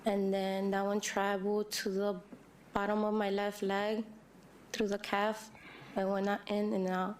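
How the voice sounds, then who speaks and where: Young adult woman, witness at a hearing, hesitant and halting, mid-range pitch. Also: monotone, a little hiss or hum. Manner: halting, many fillers and restarts. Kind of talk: public hearing testimony.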